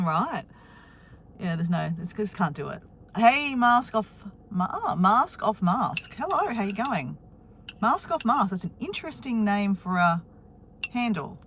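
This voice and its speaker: A woman's voice: lowish voice, expressive, normal speed, a bit bright, slight background noise. A woman with an Australian accent chatting casually on a live stream from her car, greeting viewers by name.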